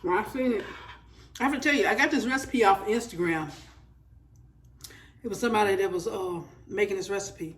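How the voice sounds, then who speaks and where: A cooking vlogger chats casually with her viewers, addressing them as "y'all" while she cooks and tastes food in her home kitchen. Her voice is medium-pitched and brisk, with frequent pauses, and she sits far from the mic.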